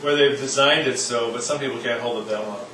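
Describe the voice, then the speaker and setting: A man's voice: medium pitch, quick pace, sharp tone. Joking man teaching music in an echoey room. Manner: loose and joking, sings demonstration syllables. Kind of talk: informal classroom lesson. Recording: echoey room, mic at a distance, faint noise.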